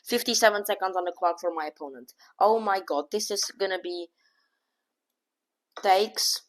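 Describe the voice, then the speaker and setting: A woman giving casual, excitable running commentary on her own chess game, thinking aloud move by move and often scolding herself. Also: fairly low pitch, normal speed. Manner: casual slang, says "bro" and "oh my god". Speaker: chess streamer.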